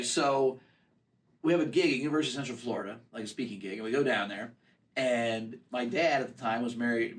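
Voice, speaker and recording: A man in his forties, a comedian guest, telling stories in casual chat, animated and laughing often, acting out other people's voices. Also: mid-range voice, far from the mic. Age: 40s.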